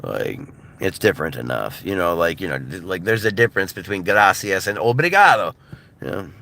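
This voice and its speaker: Casting: American man, thirties, loose laughing livestream chatter, bright ringing voice. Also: low-pitched, very animated, a little fast, gravelly. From United States. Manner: loose and laughing, filler-heavy, mimics voices for comedy. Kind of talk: casual rambling chat. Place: in a car.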